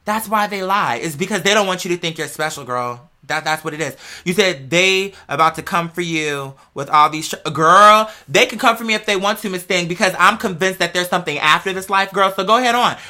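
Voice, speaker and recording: Bright-voiced woman ranting casually. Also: on the low side, fairly quick, few pauses. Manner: profane, animated, rambling, addresses listeners as "girl". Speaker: podcast host. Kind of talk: casual monologue.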